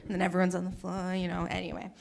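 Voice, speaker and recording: A woman's voice: fairly low pitch, completely flat delivery, very fast, creaky, heavy background noise. A woman doing a stand-up comedy set on a small stage, bubbly and chatty as she talks with the audience. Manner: bubbly, chatty, works the crowd. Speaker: stand-up comic.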